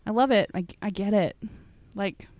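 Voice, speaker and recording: A woman's voice: mid-range voice, moderate pace, a little mellow, no room sound. A woman co-hosting a podcast, chatting casually and giving strong opinions, often saying "like". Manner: chatty and opinionated, fills talk with "like". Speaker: podcast co-host. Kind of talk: casual chat about musical theater.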